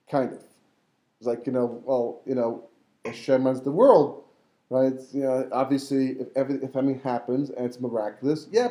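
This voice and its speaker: A rabbi leads a lively Torah class, his fairly high voice lifting whenever he acts out a character in the story. The tone is mellow, and the room gives it a clear echo.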